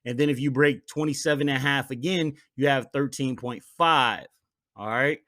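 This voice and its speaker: A man hosting a solo podcast, talking casually and getting animated, dropping "man" into almost every sentence. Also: mid-range voice, normal speed. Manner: animated, hypes himself up, says "man" a lot. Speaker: podcast host.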